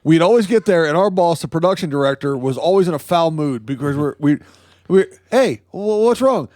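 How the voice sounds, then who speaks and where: A man's voice: fairly high pitch, a little fast, darkish tone, dry recording, studio quality. Jokey man co-hosting a comedy podcast. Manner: jokey, reads news stories with asides. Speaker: podcast co-host. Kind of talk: casual comedic news chat.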